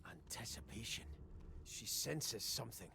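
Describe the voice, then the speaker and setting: An actor playing a gruff, excitable male dwarf sailor in a video game, talking in a rough, folksy, conspiratorial way. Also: on the low side, measured pace, background noise, exaggerated voice.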